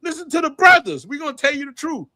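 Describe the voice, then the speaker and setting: A man's voice: extremely high pitch, big pitch swings, fast, sharp tone, a little hiss or hum. A middle-aged man hosting a casual livestream chat, telling stories animatedly, laughing often and swearing freely. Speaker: channel host.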